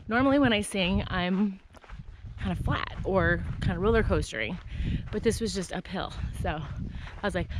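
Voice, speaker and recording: A middle-aged woman talking to the camera on a long hike, chatty and excitable, telling stories as she walks. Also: medium pitch. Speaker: long-distance hiker vlogger. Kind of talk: casual trail vlog. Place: outdoors on a desert trail. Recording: outdoor noise behind the voice.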